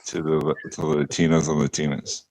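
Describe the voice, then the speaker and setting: A man chatting as a guest on a livestream panel, animated, repeating words as he searches for them. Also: a bass voice, normal speed. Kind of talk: casual panel chat.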